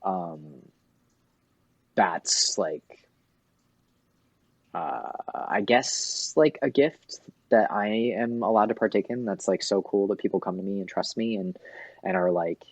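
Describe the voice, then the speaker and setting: A man's voice: low voice, slow pace, pauses often, breathy edge, dry recording. A man, a tattoo artist, talking casually as a guest and swearing freely. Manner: laid-back, swears freely. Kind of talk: casual chat.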